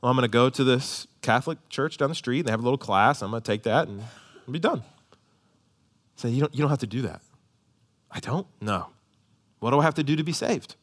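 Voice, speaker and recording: Male pastor, 30s, sermon delivery, medium pitch, swings between loud emphatic lines and soft near-whispers. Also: fast talker.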